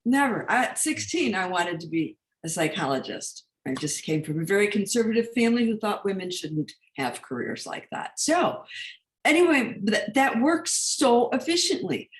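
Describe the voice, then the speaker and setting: A woman's voice: medium pitch, big pitch swings, moderate pace, echoey room. A woman hosting an online talk, telling her own story in an emphatic, heartfelt way. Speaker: host. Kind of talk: spiritual coaching talk.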